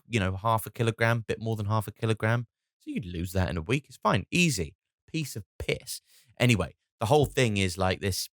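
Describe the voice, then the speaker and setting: Rambling, sweary British comedian. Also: male voice, low voice, no room sound, clean studio sound. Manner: rambling and sweary, lots of restarts. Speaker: comedian and podcast host. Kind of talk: comedic solo podcast monologue.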